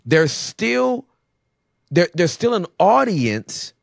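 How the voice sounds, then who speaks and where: Animated man, dry close sound. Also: sits high, very slow, vocal fry, no echo. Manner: animated storyteller, emphatic. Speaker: podcast guest. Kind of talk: casual conversation.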